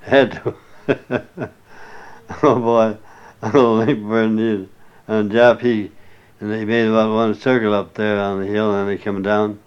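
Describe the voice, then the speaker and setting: Older man, oral-history interviewee. Low, smooth voice, folksy and salty storytelling, muffled lo-fi tape. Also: flat delivery, slow, pauses often. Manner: folksy, salty, chuckling yarn-spinner. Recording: muffled lo-fi recording.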